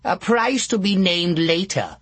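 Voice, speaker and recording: A man's voice: high voice, animated, a little slow, fairly bright tone, breathy edge, no room sound, voice pushed up, heavily acted. A man voicing a crafty, crude old witch woman with a strange, altered timbre, in a sly, bargaining manner.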